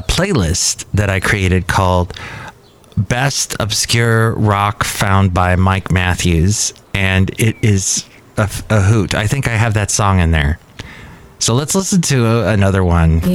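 A man in his fifties hosts a podcast from a cafe, rambling casually and poking fun at himself in a self-deprecating way. His voice is fairly low-pitched and smooth.

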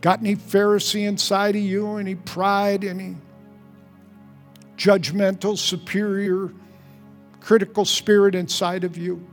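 A man preaching a sermon as pastor, earnest, repeating phrases and dropping softly for prayers. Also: little pitch movement, measured pace, soft background music. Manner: earnest, repeats phrases, drops to soft low tones for prayers. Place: large church hall. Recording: long hall reverb.

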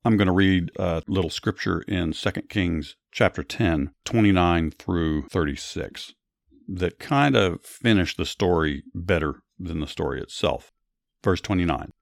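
Low-voiced man narrating Bible stories. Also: measured pace, creaky, no echo, clean studio sound. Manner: steady, plain, earnest reading. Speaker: podcast host and Bible storyteller. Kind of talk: scripted Bible story narration.

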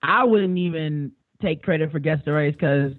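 A man chatting casually as a guest, heard over a thin, phone-like line with no room sound. His voice sits a little high for a man, and he rambles, stumbling over repeated words and swearing easily. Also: moderate pace, dry recording. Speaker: podcast guest. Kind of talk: casual chat.

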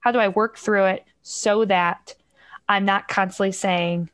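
A woman's voice: mid-range voice, fairly even intonation, unhurried, fairly bright tone. A middle-aged woman talking as a podcast guest, explaining parenting and emotions in a reflective way and acting out examples. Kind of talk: casual podcast conversation.

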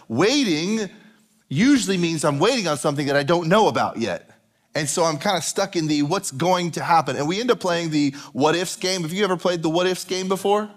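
A man preaching a sermon as a pastor, conversational and repeating phrases for emphasis. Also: a little high.

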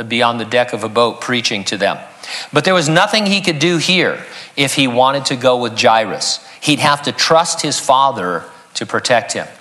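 A man's voice: medium pitch, pushed and bright. A man preaching an expository sermon as a pastor, earnest and teaching, reading scripture aloud.

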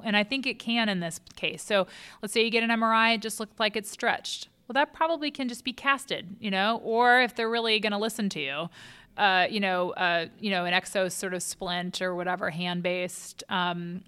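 A woman's voice: medium pitch, pushed and bright, clean tone. A woman in her thirties, a hand surgeon, explaining treatment in a relatable, knowledgeable way with frequent fillers. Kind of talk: clinical explanation in an interview.

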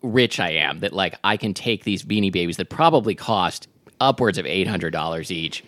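A man's voice: deep voice, lively intonation, moderate pace, a bit bright, no room sound. A man co-hosting a casual show, riffing playfully and making things up as he goes. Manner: joking, rambling, full of fillers and restarts. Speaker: podcast co-host. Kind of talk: casual chat.

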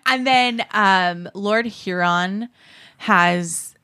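A woman's voice: mid-range voice, very slow, sharp tone, clean tone, no echo, studio quality. A woman co-hosting a podcast, chatting casually and laughing often. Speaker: podcast co-host. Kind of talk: casual chat.

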